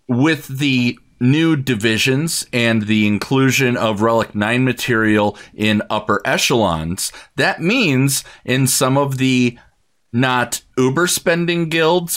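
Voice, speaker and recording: A man hosting a podcast, speaking hesitantly with many pauses and restarts. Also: medium pitch, a bit bright. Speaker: podcast host. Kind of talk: casual podcast chat.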